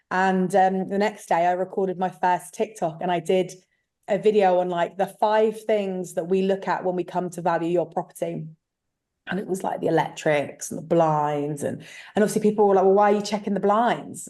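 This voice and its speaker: A frank, chatty woman with a slightly low voice speaks in a relaxed interview. She tells stories with plenty of fillers and asides. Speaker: guest, letting agent. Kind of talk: casual interview chat.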